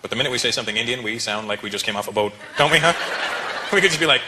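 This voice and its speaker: A man doing stand-up comedy, animated and laughing often as he talks straight to the audience. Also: medium pitch, rapid-fire. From Canada. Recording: live club with loud crowd and noise.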